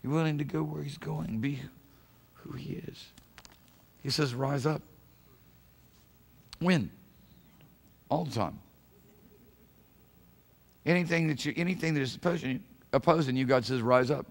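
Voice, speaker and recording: A man preaching a sermon as pastor of a church, fervent, swinging from hushed passages to shouted calls. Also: a little high, moderate pace, creaky, pauses often. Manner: acts out quoted voices of God. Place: church sanctuary.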